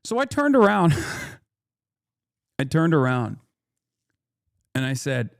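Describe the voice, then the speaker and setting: A man's voice: fairly high pitch, sing-song, slow, gravelly, no echo, clean studio sound. A man streaming casual commentary, swearing freely and rambling in an indignant tone.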